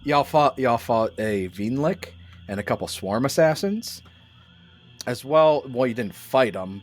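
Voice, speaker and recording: A man, narrating a tabletop game as game master in a casual, halting way with many restarts. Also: mid-range voice, lively intonation.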